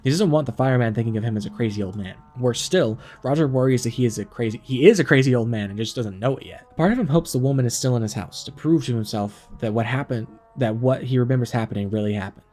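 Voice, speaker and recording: A man's voice: medium pitch, quick pace, hardly any pauses, darkish tone, faint music behind. A man playing a text game on stream, reading the story aloud and adding wry, chuckling commentary.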